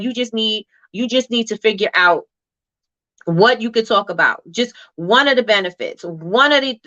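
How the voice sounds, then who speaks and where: A woman with a bright, forward voice hosts a casual motivational talk. She talks loosely, full of fillers and "right?". The sound is dry and a little dull, as if from a modest home setup. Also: medium pitch, no room sound. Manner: chatty, reads comments aloud, many fillers and "right?". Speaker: host.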